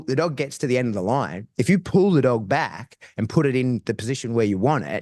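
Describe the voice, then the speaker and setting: A man's voice: medium pitch, a little mellow, no room sound, clean studio sound. A man who trains dogs, talking as a podcast guest in a casual, slangy way, often restarting his phrases. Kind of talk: casual explanatory chat.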